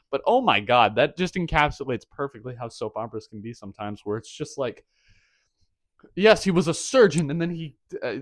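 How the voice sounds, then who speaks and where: A man's voice: mid-range voice, no room sound. A young man hosting a record review, animatedly retelling a story in a rambling, laughing way. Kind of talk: casual review monologue.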